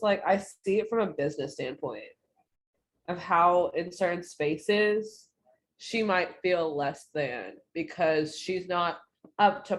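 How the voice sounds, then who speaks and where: A young woman with a fairly low voice co-hosts a casual podcast chat. She speaks earnestly and thoughtfully, dropping in quick quoted asides. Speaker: podcast co-host.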